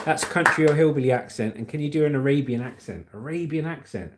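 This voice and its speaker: A man's voice: fairly high pitch, fast talker, a little hiss or hum. A man hosting a casual livestream, reading chat comments aloud and laughing often. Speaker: livestream host.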